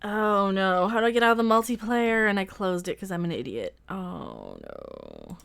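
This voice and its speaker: A woman hosting a casual live reaction stream, sarcastic, laughing often and bursting into loud exclamations. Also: mid-range voice, expressive, brisk, clear, resonant tone. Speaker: livestream host reacting to a trailer.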